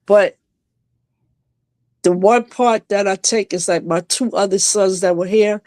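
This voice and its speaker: A woman on a video call from home, a guest telling an emotional personal story on a live stream, halting and restarting as she speaks. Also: medium pitch, steady tone, mellow, no room sound.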